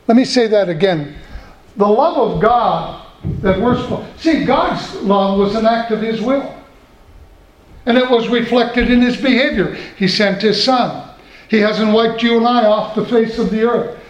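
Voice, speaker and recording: A middle-aged man preaching a sermon in a folksy way, slowing down to repeat key points. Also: high-pitched, lo-fi sound. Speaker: pastor. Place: church. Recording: echoey church room.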